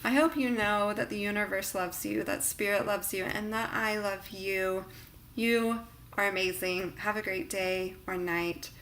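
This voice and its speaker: A woman talking earnestly and reflectively in a personal vlog, with many pauses and fillers. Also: mid-range voice, steady tone, fairly bright tone, slight background noise. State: emotional near the end. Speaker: vlogger.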